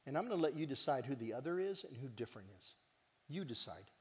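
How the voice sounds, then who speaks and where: A long hall echo surrounds a man talking fast in a mid-range voice. He is the organization's director giving an earnest, animated, heartfelt talk at a conference, occasionally joking with listeners.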